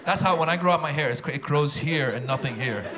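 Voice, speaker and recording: A man doing a stand-up comedy set, animated and talking straight to the audience in a theater. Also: a little high, fast talker. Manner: animated, talks to the crowd. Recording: loud crowd laughter and noise.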